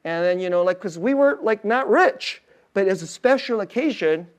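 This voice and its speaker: A high-pitched, expressive male pastor preaches at a normal speed in a relaxed, storytelling style. He fills his talk with fillers and soft laughter, softening to a hushed, tender tone at emotional moments.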